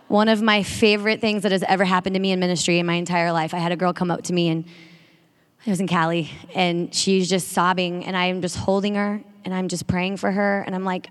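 A woman giving an energetic sermon-style talk to a women's audience, drawing call-and-response. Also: lowish voice, a little fast. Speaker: speaker at a women's faith event. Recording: long reverb of a large hall.

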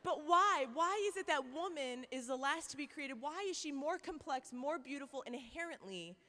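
A woman's voice: high voice, animated, moderate pace, pushed and bright. Playful young woman preaching in a hall. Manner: chatty and playful, many likes and okays. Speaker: speaker at a Christian women's event. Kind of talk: lively faith talk.

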